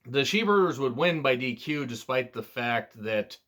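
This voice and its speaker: A man's voice: medium pitch, animated, normal speed, a bit bright. A young adult man reviewing old wrestling events in blunt, profane, ranting casual commentary. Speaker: wrestling fan YouTuber.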